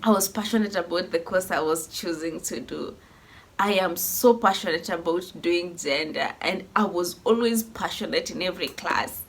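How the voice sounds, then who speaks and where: A woman's voice: on the low side, moderate pace, husky. Emotional young woman. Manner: heartfelt, rambling with restarts. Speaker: vlogger. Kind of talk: emotional personal vlog.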